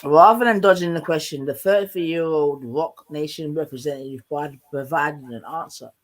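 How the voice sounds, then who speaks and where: Animated man hosting a live stream. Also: fairly high pitch, moderate pace. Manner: animated, loose, reads articles aloud with asides. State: sore throat. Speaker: livestream host. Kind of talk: casual live-stream chat.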